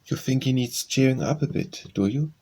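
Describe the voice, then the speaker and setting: A man reading an audiobook, voicing a gruff, abrupt elderly gentleman who is kindly underneath. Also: medium pitch, moderate pace, voice pushed up, natural voice.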